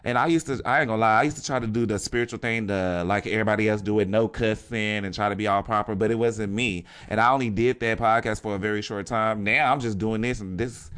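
A man's voice: lowish voice, fairly even intonation, fast talker, few pauses, a bit bright, smooth. A man hosting a podcast, delivering a casual motivational monologue in a blunt, profane way and often tossing in "okay?". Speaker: podcast host.

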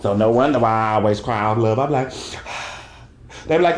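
A man holds forth in a loud, profane monologue, breaking into laughter and tossing "okay?" after his points. His voice sits at a middling pitch. The room around him is roomy and echoey. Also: normal speed. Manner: brash, profane, emphatic; jumps into high falsetto for quoted bits. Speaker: podcaster. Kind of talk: casual monologue rant. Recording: roomy echo.

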